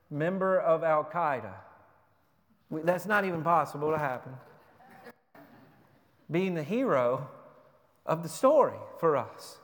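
A man preaching a sermon as pastor, emphatic, firing rhetorical questions and repeating words as he drives points home. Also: sits high. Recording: long reverb of a large hall.

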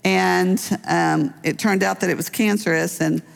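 A middle-aged woman pastor preaching in a relaxed, conversational way, weaving personal stories into her sermon. Her voice has a gravelly edge, and it rings out with a long reverb through a large church hall. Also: fairly low pitch, a little slow. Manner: personal storytelling with light laughs.

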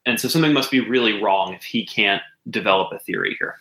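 A man with a bright, forceful voice narrates as game master of a tabletop game. He talks in a relaxed way, halting often with fillers. The sound is roomy and echoing. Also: on the low side.

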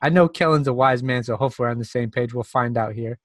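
A man's voice: mid-range voice, fast talker, no echo, clean studio sound. A man co-hosting a podcast, laid-back and reading out a ranking list in casual chat. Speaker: podcast co-host.

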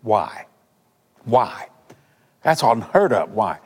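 An older man with a fairly low, slightly rough voice draws out his words as he preaches and prays, very animated, in a large hall for a televised sermon. With fervent emphasis he repeats lines and shifts from booming declarations to hushed, earnest asides.

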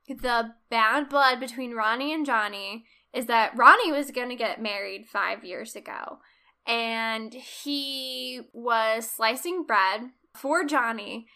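A bright-voiced woman co-hosts a casual podcast chat recapping a film, her tone a little high, clear, and resonant. She's an animated storyteller who acts out quotes and laughs often.

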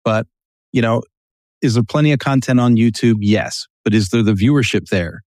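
A man who is a guest on a casual podcast interview, telling business stories in an animated way and acting out quotes. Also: mid-range voice, normal speed, dry recording, studio quality. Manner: storytelling, animated, acts out quotes.

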